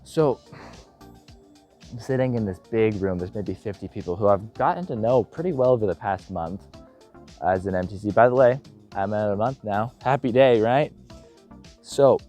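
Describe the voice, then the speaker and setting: A young man in missionary training giving a casual vlog update, telling stories in an animated, self-deprecating way and acting out what people said. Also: on the low side, moderate pace, pauses often, faint music behind. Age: young adult. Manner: animated storyteller, self-deprecating, acts out quotes.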